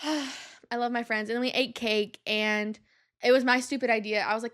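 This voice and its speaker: A young woman with a high, bright-sounding voice chats through a casual podcast monologue. She talks in an animated, exasperated rush of "like" and "um" while telling personal stories. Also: normal speed. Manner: animated and exasperated, with lots of fillers like "like" and "um". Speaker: podcast host.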